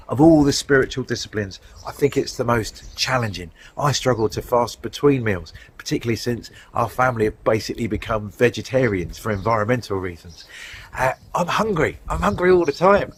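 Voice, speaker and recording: Animated male preacher, outdoors in wind. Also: mid-range voice, poor audio. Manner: conversational, animated storytelling. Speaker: guest preacher. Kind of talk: sermon. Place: outdoors, windy.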